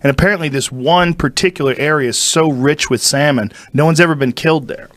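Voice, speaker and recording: Animated, profane male podcast host. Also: fairly high pitch, brisk, no echo. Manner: animated storyteller, swears freely, acts out voices in anecdotes. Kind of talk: casual long-form conversation.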